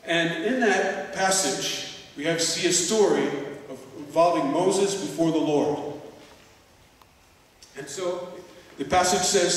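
A man preaching a sermon in a slow, measured way, leaning on repetition to drive each point home. His voice sits a little on the high side and carries a long, ringing echo, picked up from some distance across a large church hall. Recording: echoey hall, distant mic.

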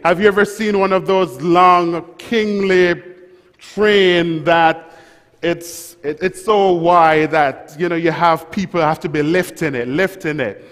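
A man preaching a sermon, leading the church in call-and-response and rising to shouts. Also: fairly high pitch, long reverb tail. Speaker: pastor. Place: church sanctuary.

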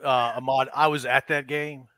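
A man hosting a podcast, asking short, relaxed questions in a casual chat. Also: mid-range voice, moderate pace, no room sound, studio quality. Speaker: podcast host.

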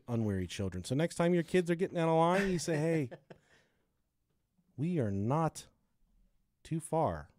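A man's voice: mid-range voice, a little mellow, no echo, clean studio sound. A man co-hosting a podcast in casual chat, swearing freely, joking and laughing often. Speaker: podcast co-host.

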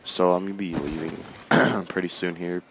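A man's voice: deep voice, fairly even intonation, moderate pace, noisy background. A young man giving casual gameplay commentary, rambling with lots of fillers and swearing. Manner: rambling, filler-heavy and profane. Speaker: gaming channel host.

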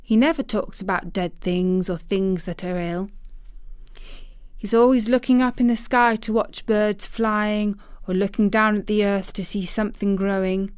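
A woman voicing a stubborn, blunt little girl in a storybook reading, in a slow, dry-sounding delivery. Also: medium pitch, little pitch movement, a little mellow, clean tone, no room sound, natural voice. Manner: blunt, contrary, eager when describing the moor.

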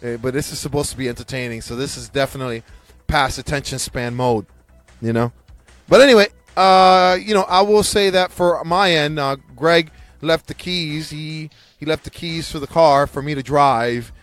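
Rambling, foul-mouthed male podcast host. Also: medium pitch. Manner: rambling, profane, restarts often. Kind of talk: casual ranting chat.

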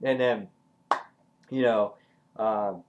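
A man's voice: lowish voice, steady tone, drawn-out words, darkish tone, lo-fi sound, slight background noise. A young man giving a casual, rambling comic book review, swearing freely.

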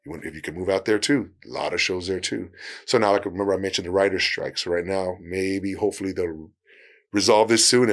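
A man with a very deep, low-pitched voice talks in a relaxed interview. He hands out career tips in an easygoing way, often laughing and slipping into quick acted-out exchanges. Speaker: actor, podcast guest. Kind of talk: casual interview advice.

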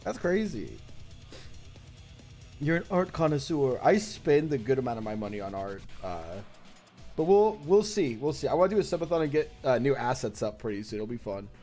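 Excitable, lively-voiced male streamer. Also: mid-range voice, moderate pace, soft background music. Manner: excitable, profane, laughs a lot. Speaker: livestreamer. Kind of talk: casual stream chat.

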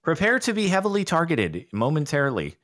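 A gaming co-host with a slightly high, slightly fast voice talks through a multiplayer strategy game with a friend. It's casual gaming chat full of relaxed, dry, sarcastic banter.

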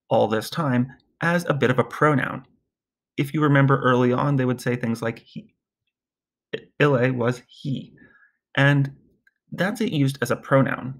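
In a recorded Latin lesson, a man with a medium-pitched voice talks through grammar in an easygoing, conversational way and leads chanted drills of word forms.

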